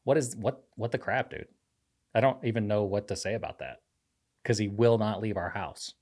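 A man with a low voice tells a meandering story in relaxed conversation. He is a pastor and co-host who teases himself and laughs easily. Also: moderate pace. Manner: rambling storyteller, self-teasing, laughs often. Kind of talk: casual chat.

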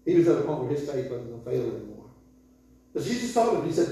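A man in his sixties preaching an informal sermon in a conversational, animated way, chuckling often. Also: fairly high pitch, fast. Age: 60s. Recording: echoey room from far off.

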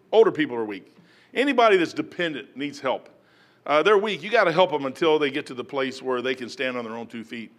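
A man preaching a sermon in a folksy storytelling way, breaking into loud shouts when he acts out prayers. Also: fairly high pitch.

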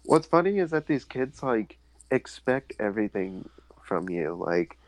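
Young dude chatting on a podcast, dry close sound, tells stories and does kid voices. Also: male voice, sing-song, a little slow, no room sound, low-quality recording. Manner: storytelling, mimics kids in high voices. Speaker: podcast co-host. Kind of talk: casual chat.

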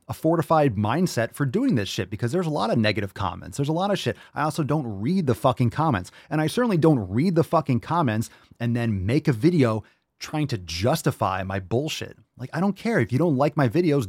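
A man hosts a fitness podcast and lectures his listeners in a blunt, profane rant. His pitch swings widely as he hammers his points home, and the sound is close and dry. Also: sing-song, fairly quick, darkish tone, breathy edge, no echo. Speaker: podcast host.

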